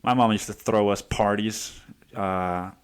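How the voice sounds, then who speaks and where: Rambling, profane young man with a low voice. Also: fairly even intonation, unhurried, clear, resonant tone. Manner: rambling, profane, lots of restarts and "like". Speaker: podcast host. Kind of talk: casual solo monologue.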